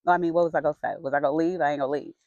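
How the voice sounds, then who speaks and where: A middle-aged woman vlogger telling a personal story in a frank, chatty and expressive way. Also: low voice, rapid-fire, dry recording. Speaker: vlogger sharing her health story. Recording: dull lo-fi sound.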